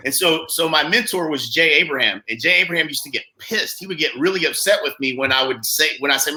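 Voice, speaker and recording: A man's voice: fairly high pitch, echoey room, poor audio. A man from Oklahoma, a real estate coach, telling casual anecdotes as an interview guest and peppering them with "like" and "right?". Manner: fast, animated anecdotes with frequent "like" and "right?".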